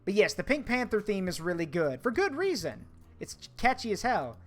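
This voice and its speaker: A man's voice: high-pitched, sing-song, moderate pace, fairly bright tone, faint music behind. A man streaming a game, chatting casually with his viewers as he works. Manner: chatty, talks to chat while working, hums tunes. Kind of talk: casual gameplay commentary.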